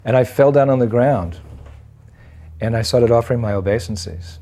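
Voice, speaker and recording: A man in his sixties telling a personal story in an animated way, acting out the dialogue as he goes. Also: medium pitch, normal speed, long pauses, a little hiss or hum. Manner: animated storyteller who acts out dialogue and laughs at himself. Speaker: devotee sharing memories of his teacher.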